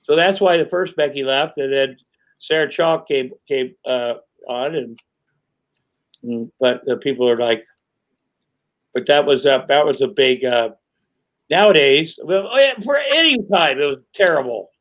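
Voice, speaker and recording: Unhurried and medium-pitched, the middle-aged podcast guest works through his stories in a casual storytelling interview. He rambles, uses profanity, and animates his retellings with quoted voices.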